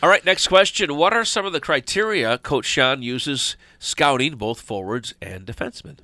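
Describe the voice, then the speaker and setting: Host, man, bright edge, fumbles into questions, dry close mic. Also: fairly high pitch, animated, moderate pace, no room sound. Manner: hesitant, filler-heavy questions. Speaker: radio show host. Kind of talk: casual interview questions.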